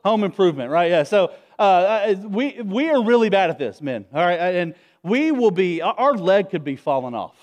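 A pastor preaching to his congregation with a notably high voice. He talks in an easy, energetic way and keeps calling the room to respond. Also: moderate pace, few pauses. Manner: conversational, energetic, rallies the congregation. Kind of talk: sermon. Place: church, before a congregation.

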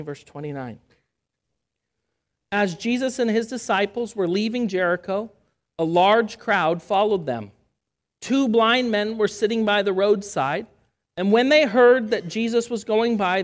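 A woman preaching a sermon. She speaks earnestly and stresses key phrases by slowing down. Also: on the high side. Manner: acts out the voices of people in the story.

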